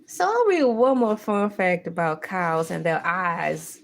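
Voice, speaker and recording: A woman's voice: fairly low pitch, big pitch swings, creaky. A woman hosting a morning livestream in casual chat, playful and joking as she talks. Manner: slow, playful, breaks into sung bits and laughter. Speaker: livestream host.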